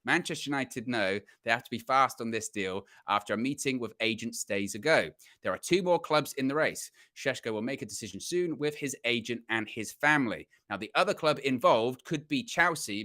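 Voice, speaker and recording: Man, co-host, bright and forceful tone, dry close call audio, reads news with a joke or two. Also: mid-range voice, animated, brisk, few pauses, no room sound. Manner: reads transcript news, jokey. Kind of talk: casual fan podcast chat. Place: home, sirens outside.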